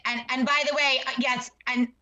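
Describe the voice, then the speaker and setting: A woman's voice: high voice, little pitch movement, normal speed, bright, forceful tone, lo-fi sound. A woman co-hosting an interview podcast, effusive and rambling, full of asides, speaking over a video call. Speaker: podcast co-host. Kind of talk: casual interview chat.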